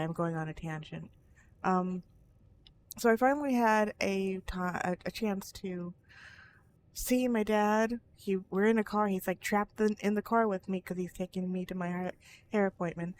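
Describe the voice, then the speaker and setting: A woman's voice: medium pitch, slight background noise. A woman talking frankly in a personal vlog, rambling with restarts and tangents. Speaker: vlogger.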